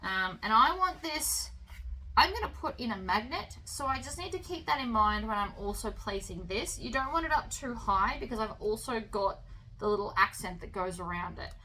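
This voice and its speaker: A woman hosting a sewing tutorial, talking through each step in a relaxed, chatty way with the odd um and uh. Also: a little high, normal speed, a little hiss or hum, low-quality recording. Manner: relaxed, chatty instruction with fillers.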